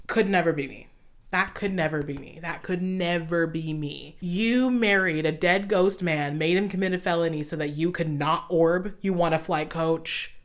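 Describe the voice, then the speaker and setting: A young woman hosting a show, ranting in casual commentary, animated, sarcastic and exasperated. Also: on the low side. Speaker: host.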